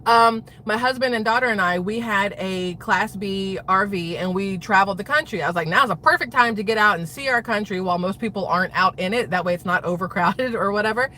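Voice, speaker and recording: A middle-aged woman with a bright, forceful voice rants through her political commentary, rambling and exasperated. She talks fast and loops back on her points, with a faint hiss of noise behind her. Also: mid-range voice. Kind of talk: casual ranting commentary.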